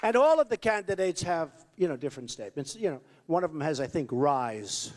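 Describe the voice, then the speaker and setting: Male candidate, boastful, repetitive rally patter, high and lively pitch, long hall reverb. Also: a little fast, a faint crowd, slight background noise. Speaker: political candidate. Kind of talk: off-the-cuff campaign rally speech. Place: large rally venue.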